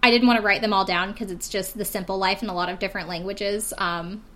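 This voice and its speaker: Wry, bright-voiced woman podcast host. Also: medium pitch, fairly even intonation, quick pace. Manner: chatty, wry, many fillers and laughs. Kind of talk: casual chat recapping a reality show.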